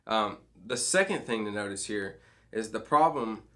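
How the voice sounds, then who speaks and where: Casual youth pastor with a lowish voice. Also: male voice, expressive, normal speed, bright, forceful tone. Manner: conversational, keeps checking in with "okay?" and "right?"; frequent restarts and fillers. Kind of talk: midweek devotional teaching to students.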